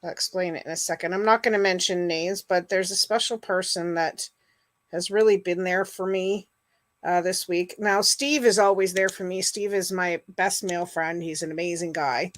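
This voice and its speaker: Rambling through a casual livestream chat, a middle-aged host uses plenty of fillers and greets her live viewers by name. She speaks at normal speed in a fairly low, fairly even voice, and the recording has no room sound.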